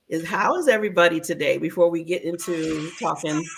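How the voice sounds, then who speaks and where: Upbeat, emotional female host with a gravelly edge. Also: fairly low pitch, fairly quick, few pauses. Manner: bubbly, laughs often, emotional. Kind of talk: lively talk show hosting.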